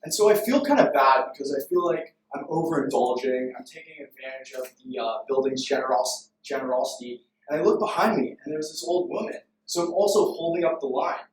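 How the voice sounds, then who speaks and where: A man's voice: on the high side, a little fast, few pauses, far from the mic. Young man telling a playful story. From Canada. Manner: playful, self-deprecating. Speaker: presenter. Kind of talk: storytelling pitch presentation. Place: room full of people. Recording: echoey room recorded from afar.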